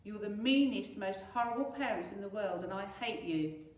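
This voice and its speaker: A woman's voice: very animated, measured pace, distant mic. A woman voicing a horrid, stroppy boy who whines and bellows. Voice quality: shrill and bellowing. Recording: echoey room, away from mic.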